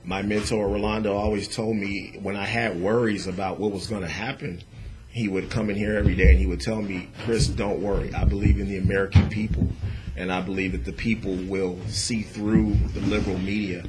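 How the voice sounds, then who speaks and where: Low-voiced guy hosting talk radio, opinionated and emphatic, chatty. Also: little pitch movement, brisk, noisy background. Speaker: radio talk show host. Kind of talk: casual political talk radio.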